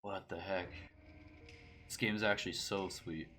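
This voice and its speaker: Casting note: laid-back gamer, lowish voice, reads narration aloud with stumbles. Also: male voice, fairly even intonation, moderate pace, pauses often, bright, forceful tone, faint music behind. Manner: casual, swears mildly, reads aloud with stumbles. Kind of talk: let's play commentary and narration.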